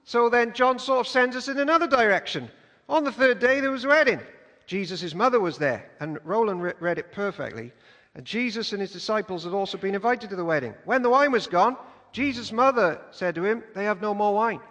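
A man with a high voice preaches a sermon, telling the story in a lively, conversational way. His voice carries a long reverb that fills the church hall. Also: brisk.

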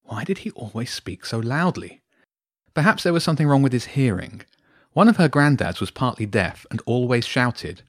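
A man reading his own bedtime story aloud to two boys, with a lively, expressive delivery. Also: mid-range voice, moderate pace, no echo, clean studio sound.

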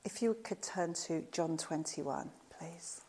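A woman preaching a sermon, telling the story in a lively way and acting out the voices of the people in it. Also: low-pitched, slow.

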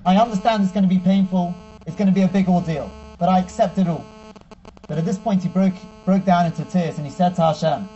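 Rabbi-teacher, man, high mellow voice, animated storyteller, slightly lo-fi. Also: quick pace. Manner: animated storyteller who acts out quotes. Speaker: rabbi giving a Torah class. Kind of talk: storytelling sermon. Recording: dull with faint mains hum.

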